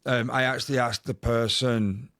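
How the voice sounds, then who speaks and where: A man's voice: mid-range voice, fairly even intonation, moderate pace, a bit bright, no room sound, studio quality. A man co-hosting a podcast, telling a rambling anecdote in casual chat. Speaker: podcast co-host.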